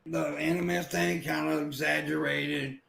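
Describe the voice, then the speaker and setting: A middle-aged man with a raspy, gravelly voice, talking in a defiant, profane way. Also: fairly high pitch, level tone, normal speed, fairly bright tone, a little hiss or hum. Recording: roomy echoey stream clip.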